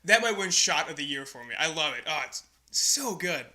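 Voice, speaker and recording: Bright-voiced, enthusiastic young man. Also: a little high, big pitch swings, normal speed. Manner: enthusiastic, gushing, laughs often. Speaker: podcast co-host. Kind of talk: casual movie review chat.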